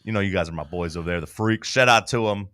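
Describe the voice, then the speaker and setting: A man's voice: low-pitched, fast, bright, forceful tone, dry recording. A man hosting a sports radio show in a studio, joking and laughing with his co-hosts. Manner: playful, laughing. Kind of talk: casual studio banter.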